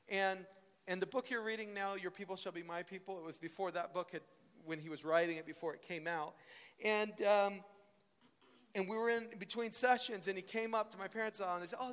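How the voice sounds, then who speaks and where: A young man teaching at a ministry school, telling stories in an animated preaching style. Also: high-pitched, brisk. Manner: animated storytelling, voice rising and falling with emotion. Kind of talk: sermon. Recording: long hall reverb.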